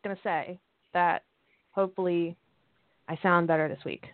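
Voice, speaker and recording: A woman's voice: lowish voice, fairly even intonation, moderate pace, dry recording. A woman hosting a casual chat show on a headset, talking in a brash, blunt way and swearing freely. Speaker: podcast host. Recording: tinny phone-like headset line.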